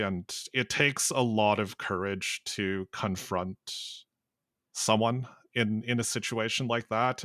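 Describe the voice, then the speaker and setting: A male podcast host with a bright, forward tone and a slightly low pitch. He asks measured, supportive questions in a steady way. The sound is dry and close. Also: no room sound. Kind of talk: interview questions.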